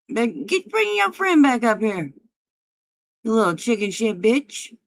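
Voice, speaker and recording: Woman streamer, mocking and foul-mouthed, unhurried delivery. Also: fairly high pitch. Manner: taunting, profane, mocking. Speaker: livestream host. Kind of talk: heated livestream argument.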